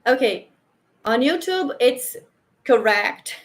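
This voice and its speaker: A woman's voice: fairly high pitch, animated. A woman from Brazil with a Brazilian Portuguese accent, a native Portuguese speaker, giving a chatty online English pronunciation lesson and often checking in with "okay?". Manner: chatty, slow and repetitive, frequent "okay?" checks. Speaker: English teacher. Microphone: handheld or clip microphone, sometimes moved away.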